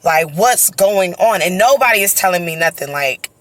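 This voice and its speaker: A young woman, chatty and animated, tells a story into her phone while walking outdoors. Her voice is bright and forward. The sound is close and dry. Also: fairly low pitch, normal speed, no room sound. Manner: animated, conversational, heavy use of fillers like "you know" and "right?". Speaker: vlogger telling her birth story. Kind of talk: casual storytime monologue. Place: outdoors, on a walk.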